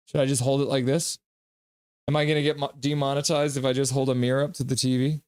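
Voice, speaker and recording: A man hosts a live hockey reaction stream in a chatty, joking way, reading viewers' messages aloud and breaking into quick play-by-play calls. His voice is smooth and clear, pitched in a middle range, and it sounds dry and close with no room echo.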